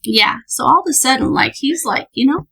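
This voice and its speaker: Podcast guest, woman, lively storyteller, bright and a bit husky. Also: high-pitched, a little fast, poor audio. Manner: lively, laughing, animated storyteller. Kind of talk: casual storytelling.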